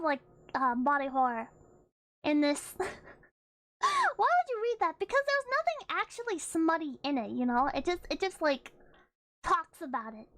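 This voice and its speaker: A woman's voice: very high-pitched, fairly bright tone, no echo. A woman streamer chatting casually, rambling with frequent laughs and swearing. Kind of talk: casual chat.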